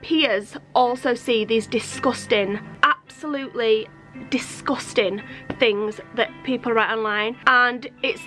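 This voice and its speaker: A woman's voice: fairly high pitch, slow pace, bright, forceful tone, soft background music. A woman, talking to camera in a casual vlog, exasperated and emphatic, laughing between points. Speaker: family vlogger.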